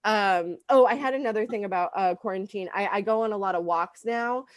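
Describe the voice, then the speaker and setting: A woman's voice: mid-range voice, brisk, no echo. A woman doing a stand-up comedy set, rambling with lots of ums and likes.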